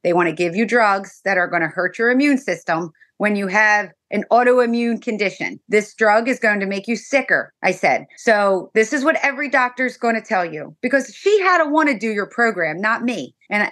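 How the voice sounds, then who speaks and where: A middle-aged woman, a guest mother, telling an emotional personal story with animated storytelling and acted-out dialogue. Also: mid-range voice, brisk, few pauses.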